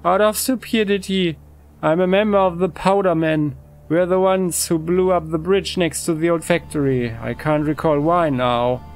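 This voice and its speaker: A man voicing a tall male convict in a game, with a lispy, howling voice and a gruff, defiant manner. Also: fairly high pitch, steady tone, moderate pace, pitched above the performer's own voice, close to an everyday voice. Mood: resigned.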